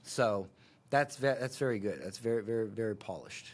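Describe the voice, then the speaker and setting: A man in his thirties hosting a reaction breakdown of a sales pitch, full of sarcastic asides and laughter. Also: expressive, normal speed. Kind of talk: reaction commentary.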